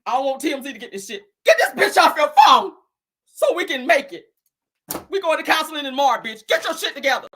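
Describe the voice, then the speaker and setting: A woman acting out a furious newlywed wife confronting her cheating husband, shouting and cursing. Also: sits high, very fast, hardly any pauses, breathy edge. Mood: angry.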